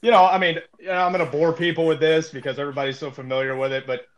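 A man's voice: a little high, flat delivery, rapid-fire. A man co-hosting a podcast, telling a story in a rambling, joking way with many fillers. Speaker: podcast co-host. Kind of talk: casual podcast chat.

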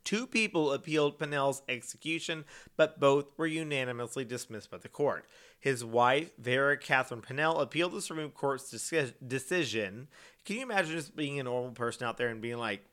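A man's voice: mid-range voice, fairly quick, fairly bright tone. A man hosting a casual true-crime podcast, chatty and joking, with many fillers and restarts. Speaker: podcast host.

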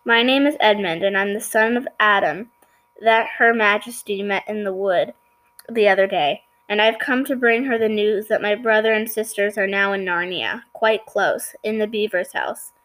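A woman's voice: medium pitch, normal speed, fairly bright tone, close to an everyday voice, poor audio. A woman voicing a nervous, trembling boy who is eager to please, in a storybook reading.

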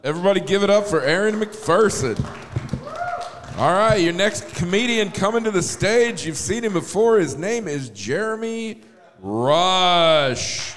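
High, lively comedy-club host man. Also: measured pace. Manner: loud announcing. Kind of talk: introducing acts. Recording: distant club mic with long reverb and faint noise.

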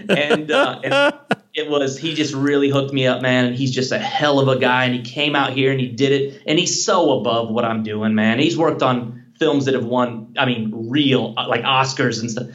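A man, a filmmaker guest on a podcast, telling stories in a casual, excited way and often saying "man" and "dude". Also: mid-range voice, moderate pace.

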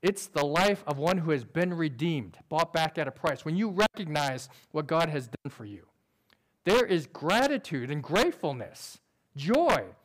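A man preaching a sermon in an earnest, conversational way, using quick everyday illustrations. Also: on the high side, very animated, a bit bright. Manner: describes himself as sober by nature.

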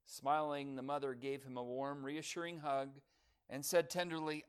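A man preaching a sermon, building to loud emphatic declarations and dropping soft on key phrases. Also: mid-range voice, flat delivery, moderate pace, clear, resonant tone.

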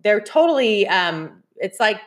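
A woman's voice: medium pitch, very animated, measured pace, a bit bright. A woman hosting a podcast, chatting casually and telling stories straight to her listeners, often breaking into laughter. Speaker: podcast host. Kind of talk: casual chat.

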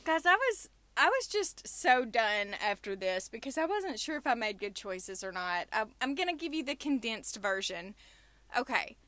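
A woman's voice: fairly high pitch, very animated, moderate pace, pushed and bright. A young adult woman hosting a casual podcast, telling stories and ranting animatedly from a small closet booth. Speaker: podcast host.

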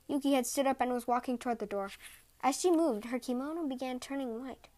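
A woman podcast host reading folk tales aloud in a gentle, measured way. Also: high voice. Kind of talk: storybook reading.

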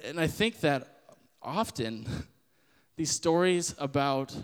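A young man hosting a podcast, giving a casual sermon-style Bible talk in an animated way and acting out the voices he quotes. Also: fairly high pitch, slow, clear, resonant tone, in a large hall. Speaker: podcast host.

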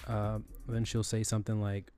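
A man's voice: fairly low pitch, monotone, normal speed, warm tone, soft background music. A man teaching in a loose, conversational way, often restarting and repeating phrases with fillers. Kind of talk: screen-recorded tutorial on email etiquette.

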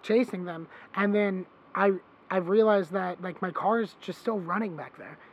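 A man hosting a podcast, telling a long story in casual chat, animated and swearing freely, acting out what others said. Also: high-pitched, moderate pace, slight background noise, poor audio. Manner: animated, swearing, acts out quoted voices. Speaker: podcast host.

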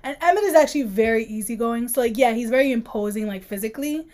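Woman, podcast co-host, casual chat, reads passages aloud, playful, fairly high pitch. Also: fast talker, darkish tone. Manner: reads dramatically, laughs often, playful.

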